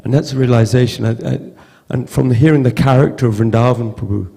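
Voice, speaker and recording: A man giving a halting, heartfelt storytelling tribute at a memorial gathering, often repeating words. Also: mid-range voice, dark tone, in a large hall. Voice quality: gravelly. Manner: halting, repeats words, acts out quoted voices. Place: temple hall with long reverb.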